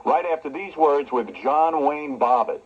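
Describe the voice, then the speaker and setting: A man's voice: on the high side, measured pace, husky. A man hosting a radio talk show, brash and joking, interviewing a guest. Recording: dull cassette recording of radio broadcast.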